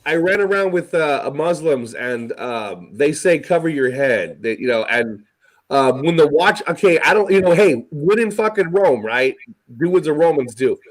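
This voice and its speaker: Guy host w/ a high bouncy voice, cussing a lot, stumbling thru readings. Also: expressive, normal speed, rough recording. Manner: profane, sarcastic, stumbling rereads. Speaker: podcast host. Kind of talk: casual chat, reading scripture aloud.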